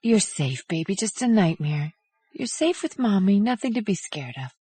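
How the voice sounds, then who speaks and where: Brief: male narrator doing a terrified young mother for a thriller audiobook, very high and breathy, soft and tender. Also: takes it slowly, no room sound, exaggerated voice. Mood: soothing, drowsy. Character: terrified young mother, sleepy then pleading.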